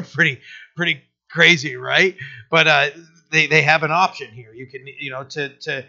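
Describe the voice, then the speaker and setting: A man, a pastor, teaching through a Bible passage in a casual, halting way, often restarting and checking in with "right?". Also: on the high side, fairly even intonation, vocal fry, sharp tone, lo-fi sound.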